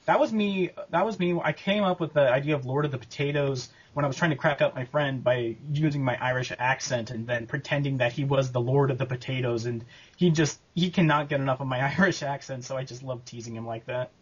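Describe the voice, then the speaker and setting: A man answering interview questions about making his abridged series, talking casually and haltingly with lots of fillers and restarts. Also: medium pitch, slightly rough, lo-fi sound. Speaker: abridged series creator and voice actor.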